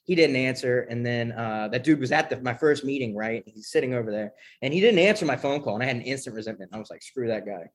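A young man candidly telling his recovery story in a profane, animated way, often checking in with "right?". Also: medium pitch, quick pace, hardly any pauses.

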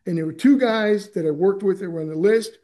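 A middle-aged man with a notably high voice tells his story at a recovery meeting. He rambles, repeats words and restarts his sentences as he goes. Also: brisk, warm tone. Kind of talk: personal testimony.

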